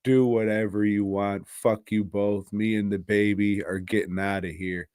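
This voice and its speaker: A man's voice: on the low side, level tone, moderate pace, a little mellow, clean tone, dry recording, clean studio sound, close to an everyday voice. A man voicing a young wife who talks in a contemptuous, profane way. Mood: scornful. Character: scornful, cursing young wife and mother.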